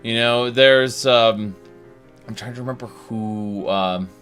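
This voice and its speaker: A man with a bright, forceful voice rambles through a casual game chat, full of ums and offhand curses. Faint music sits under his talk. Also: medium pitch, takes it slowly. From Colorado. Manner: rambling, swears casually, many fillers. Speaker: stream host.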